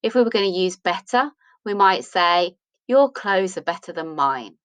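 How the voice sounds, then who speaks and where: A woman's voice: fairly low pitch, animated, normal speed, a bit bright, clean tone, no room sound, poor audio. A woman teaching English grammar, patiently explaining rules and asking questions that she answers herself. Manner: patient, asks and answers her own questions.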